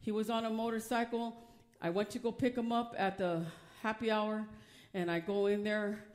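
A woman preaching a personal testimony, swinging from hushed storytelling to loud, emotional preaching. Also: mid-range voice, level tone, moderate pace. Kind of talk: testimony sermon.

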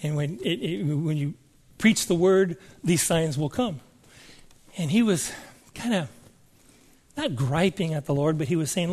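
High-voiced man preaching a sermon. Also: lively intonation, measured pace, pauses often, darkish tone. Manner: conversational, asks the congregation questions. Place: church service before a congregation.

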